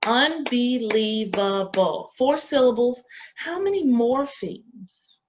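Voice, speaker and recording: Woman, lecturing professor, middle pitch, quizzes students then answers, muffled lo-fi recording. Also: measured pace, background noise. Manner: quizzing, asks questions and answers them herself. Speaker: education professor. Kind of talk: lecture to teacher candidates.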